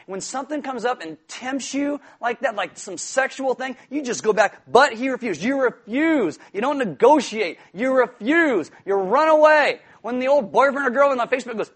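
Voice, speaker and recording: Husky, high-voiced preacher man. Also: moderate pace, hardly any pauses. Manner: animated, jokey, acts out voices in quotes. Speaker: pastor. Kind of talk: sermon.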